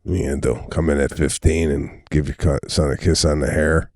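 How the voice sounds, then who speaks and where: A man's voice: a bass voice, flat delivery, a little fast, a little mellow, no echo, clean studio sound. A middle-aged man co-hosting a podcast in casual chat, telling family stories and acting out the quotes. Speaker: podcast co-host.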